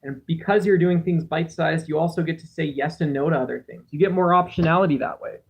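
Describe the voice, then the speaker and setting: Higher-voiced man musing through a livestream. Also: quick pace, slightly rough. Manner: rambling, musing, self-deprecating. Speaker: livestream host. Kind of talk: casual livestream chat, reading chat aloud. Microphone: cheap home microphone.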